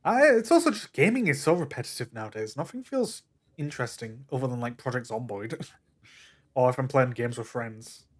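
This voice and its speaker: A man's voice: mid-range voice, animated, fairly quick. Laid-back young Northern English man. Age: young adult. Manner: laid-back, blunt, swears casually. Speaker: guest in chat. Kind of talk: casual chat.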